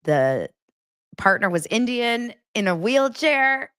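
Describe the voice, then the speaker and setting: A woman's voice: fairly high pitch, very animated, takes it slowly, fairly bright tone, clear, resonant tone, no room sound, studio quality. A woman in her forties hosting a casual livestream chat, laughing often and reading viewer comments aloud. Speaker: livestream host.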